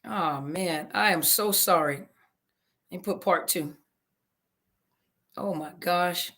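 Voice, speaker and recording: Running a live audio chat, a woman therapist reads and responds to listener comments, speaking casually with a Southern flavor and apologizing often, flustered, whenever something technical goes wrong. Her voice is lowish and fairly bright, and she takes it slowly.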